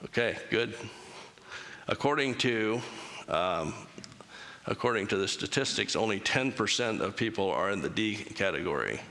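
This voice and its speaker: A man's voice: lowish voice, expressive, normal speed, sharp tone. A man giving an interactive church talk, casual and joking, asking the congregation to raise hands. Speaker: church speaker. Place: chapel. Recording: long chapel reverb.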